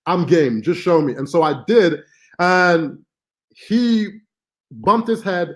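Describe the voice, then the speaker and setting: A man's voice: high-pitched, expressive, slow. A man hosting a live-stream marketing class, talking casually with many fillers and asides. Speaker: online marketing course host.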